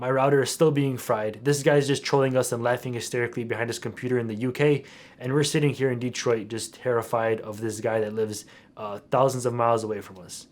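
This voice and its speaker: A young man retelling a story for his vlog in an animated, slangy way. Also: mid-range voice, brisk. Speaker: YouTuber.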